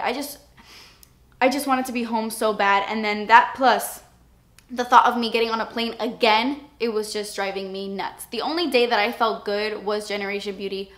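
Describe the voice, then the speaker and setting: A young beauty vlogger talks to camera in a casual, confessional chat, candid and emotional and near tears at times. Her voice is mid-range with a fairly bright tone.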